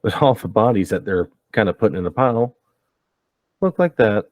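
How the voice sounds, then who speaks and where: A man narrating as game master of a tabletop game, in a relaxed, rambling way. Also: on the low side, normal speed, no room sound.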